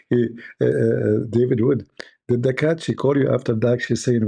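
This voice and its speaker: Gravelly, sarcastic male host. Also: mid-range voice, steady tone, mellow. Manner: sarcastic, halting, many fillers and repeats. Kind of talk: mocking live commentary.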